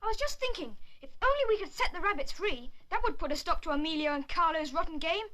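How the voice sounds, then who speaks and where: A plucky schoolboy who always has a plan. He is polite and eager, his voice very high, bright and lively. It plays as a 1960s family film. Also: quick pace, full character voice. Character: plucky resourceful schoolboy leader.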